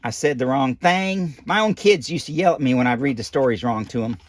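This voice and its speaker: A man's voice: mid-range voice, brisk, dry recording. A man reading a picture book aloud, breaking off for folksy, rambling, joking asides. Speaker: storybook reader.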